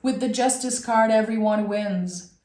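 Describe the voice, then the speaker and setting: A woman giving a spiritual tarot reading in a slow, earnest, heartfelt way. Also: medium pitch, a little mellow. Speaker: tarot reader. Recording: roomy echo.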